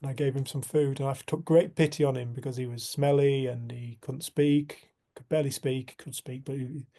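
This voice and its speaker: A man leading a community group, speaking in a reflective spiritual talk and telling a story in an earnest, unhurried way. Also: mid-range voice, steady tone, mellow.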